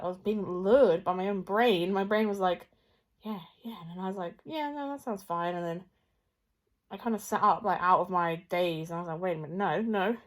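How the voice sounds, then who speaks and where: A young woman talking in a casual personal vlog, rambling and candid, swearing freely and at times dropping to a near whisper. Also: medium pitch. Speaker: vlogger.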